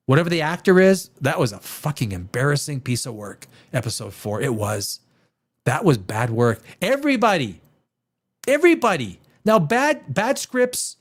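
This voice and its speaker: A man hosting a show as a screenwriter, ranting through a review with lots of restarts and swearing. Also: on the high side. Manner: animated, restarts often, swears, mimics dialogue.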